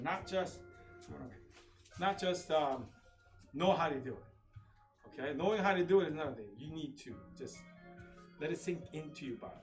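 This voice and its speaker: Taekwondo instructor shouting kick counts. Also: male voice, high-pitched, distant mic. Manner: coaching commands, loud kiai shouts. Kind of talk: live online class instruction. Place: training studio.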